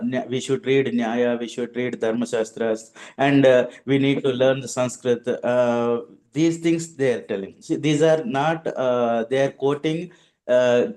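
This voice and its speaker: A man's voice: medium pitch, a little mellow. A man asking his teacher a question in class, speaking hesitantly and searching for words with many "uh" fillers.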